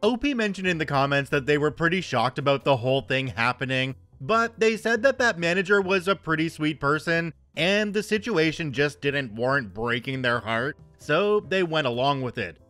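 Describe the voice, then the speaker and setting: A man's voice: on the high side, animated, normal speed, few pauses, a bit bright, faint music behind. A man in his thirties reading online stories aloud and commenting with wry, joking asides. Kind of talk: casual story narration and commentary.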